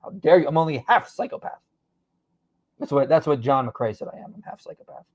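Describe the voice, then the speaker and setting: A man's voice: medium pitch, sing-song. A man hosting a live stream, reading out viewer comments and replying in casual chat. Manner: reads out viewer comments and answers them quickly. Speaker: host.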